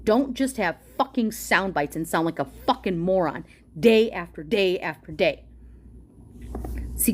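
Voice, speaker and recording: A woman delivering an angry, profane political rant straight to her viewers, heated and confrontational. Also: mid-range voice. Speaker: political commentator reading a policy document aloud. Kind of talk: angry direct-to-camera rant.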